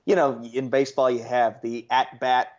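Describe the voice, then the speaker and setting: A man's voice: mid-range voice, flat delivery, moderate pace. A young man co-hosting a podcast, rambling through a story in casual chat and correcting himself as he goes. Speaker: podcast co-host. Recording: slightly dull, lo-fi sound.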